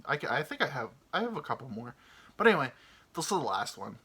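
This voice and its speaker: A man's voice: mid-range voice, big pitch swings, quick pace, bright, forceful tone, husky. A man hosting a podcast, telling a comic story in a rambling, profane way with lots of fillers. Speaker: podcast host. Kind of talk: casual comedic storytelling.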